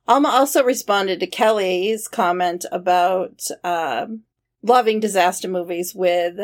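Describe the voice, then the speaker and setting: A woman's voice: lowish voice, unhurried. Female podcast co-host, friendly, reads listener comments and reacts.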